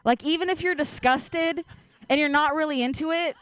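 A woman performing a self-deprecating stand-up set, deadpan, laughing between jokes. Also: sits high, moderate pace, dry recording. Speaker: stand-up comedian.

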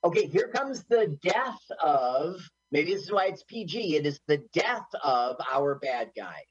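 Husky guy riffing on a movie, slow talker, pitch jumps all over, kinda lo-fi. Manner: jokey, tries silly voices, lively pitch. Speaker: podcast co-host. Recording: dull lo-fi sound.

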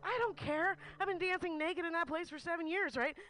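Bright, high-voiced woman comic. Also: a little fast. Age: 30s. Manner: candid, rambling storytelling with laughter. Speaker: stand-up comedian. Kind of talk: stand-up comedy set.

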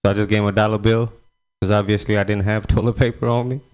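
A man's voice: lowish voice, level tone, fast, darkish tone, smooth. A man performing a casual, rambling stand-up set at an open mic, laughing at his own jokes. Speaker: stand-up comedian.

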